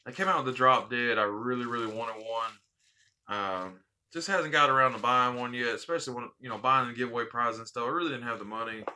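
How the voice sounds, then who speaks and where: A man's voice: medium pitch, fairly quick, sharp tone, slight background noise. A man hosting a casual unboxing vlog, heartfelt and rambling, repeating his thanks. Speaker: vape channel host.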